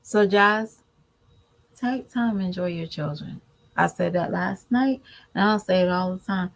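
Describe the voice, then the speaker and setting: A woman's voice: fairly low pitch, unhurried, gravelly, poor audio. A woman giving candid, preachy commentary to her viewers in a casual vlog. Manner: candid, preachy, animated mimicry. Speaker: vlogger.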